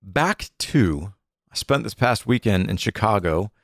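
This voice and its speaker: Playful low-voiced man co-hosting a podcast. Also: animated, a little slow, dry recording, studio quality. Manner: playful, jokey, rambling with fillers. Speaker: podcast co-host. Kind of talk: casual chat. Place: home studio.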